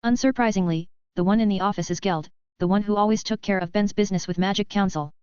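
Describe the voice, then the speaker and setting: Smooth-voiced woman reading a fanfic novel. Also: medium pitch, fairly even intonation, fast, darkish tone, no room sound. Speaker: audiobook narrator. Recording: dull, lo-fi, dry sound.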